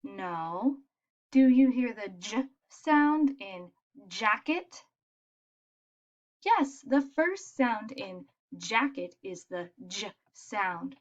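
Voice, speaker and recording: A woman teaching young children letter sounds in a patient, encouraging way, modelling each sound clearly. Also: mid-range voice, big pitch swings, extremely slow, highs cut off. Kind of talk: phonics lesson for young children.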